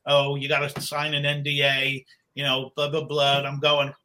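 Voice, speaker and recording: A man's voice: mid-range voice, monotone, moderate pace, bright, forceful tone. Rambling middle-aged man telling stories. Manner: rambling, with many restarts and acted-out quotes. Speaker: guest, book cover artist. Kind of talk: casual storytelling anecdote.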